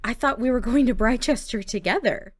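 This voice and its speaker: A woman's voice: on the high side, fairly quick, no echo, voice pushed up, natural voice. A blunt young boyfriend who turns accusing and resentful, voiced by a woman in her own voice. Dry, close sound with no room in it.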